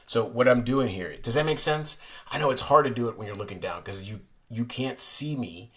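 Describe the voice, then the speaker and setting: A man with a fairly low voice walks through a card trick in a relaxed, rambling vlog. He often stops and restarts his sentences, as if thinking aloud while his hands work. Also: fast talker. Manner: rambling, self-correcting, chatty. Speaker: playing card reviewer. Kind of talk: casual tutorial vlog. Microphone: desk camera looking down on hands.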